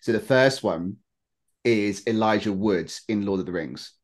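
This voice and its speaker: Podcast co-host, male, lowish voice, chatty and rambling, easy laughs. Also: unhurried. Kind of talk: casual chat.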